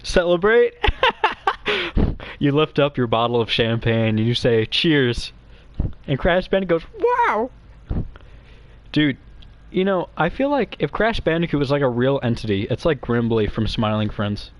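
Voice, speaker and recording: A young man rambling crudely and nervously as a guest to some streamers, giggling as he goes. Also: medium pitch. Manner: nervous, quick and quiet. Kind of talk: rambling comedic chat.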